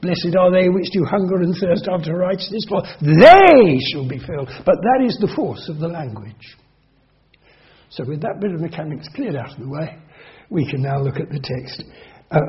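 A man preaching a sermon in an earnest, measured teaching manner, slowing down and repeating words for emphasis. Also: on the high side. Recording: dull lo-fi recording.

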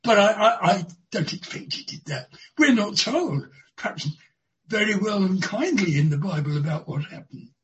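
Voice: mid-range voice, expressive, moderate pace, muffled recording. A preacher giving a sermon, stretching out key words for emphasis.

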